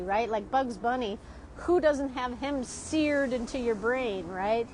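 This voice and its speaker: A fairly high but darkish-toned woman's voice, a little slow, belongs to an art teacher vlogging at an outdoor city café. She's chatty and rambling, laughing a lot and often finishing with "right?". Street ambience and slight background noise fill the rough recording.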